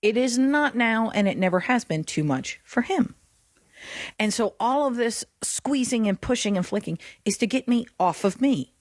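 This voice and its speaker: A woman co-hosting a Christian podcast, talking in an animated way and laughing often. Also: a little high, normal speed, dry recording, clean studio sound. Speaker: podcast co-host.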